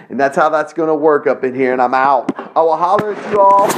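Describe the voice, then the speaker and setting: A man hosting a solo podcast, rambling in a crude, profane, joking and excitable way. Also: on the high side, brisk, slight background noise, low-quality recording. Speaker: podcast host.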